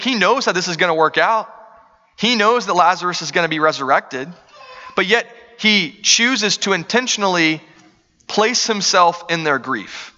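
A man's voice: high voice, sharp tone, big-room sound, lo-fi sound. A man preaching a sermon, earnest and conversational, asking the room rhetorical questions. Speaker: pastor.

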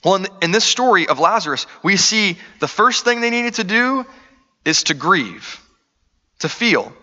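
A man's voice: high-pitched, big pitch swings, measured pace, sharp tone. Man, pastor, sermon, earnest conversational preaching, dull muffled sound, long hall reverb.

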